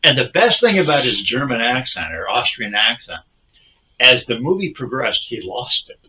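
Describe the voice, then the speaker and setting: A man in casual comedic podcast chat, spinning rambling deadpan tall tales. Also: mid-range voice, normal speed, dull audio.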